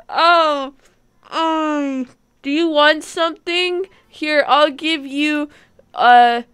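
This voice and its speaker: Young woman, high-pitched, unhurried, giggly, excitable, casual game streamer chatter. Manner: giggly, excitable, frequent bursts of laughter and squeals. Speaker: gaming live streamer.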